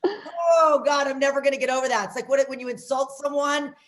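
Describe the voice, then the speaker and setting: Loud self-mocking woman comic. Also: high-pitched, steady tone, fairly quick. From Las Vegas. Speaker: comedy show host. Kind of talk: stand-up comedy.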